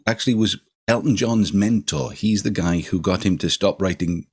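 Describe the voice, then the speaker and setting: An older man, a singer-songwriter, reflecting in casual chat, gently rambling with many "you know"s. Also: low-pitched, moderate pace, slightly rough.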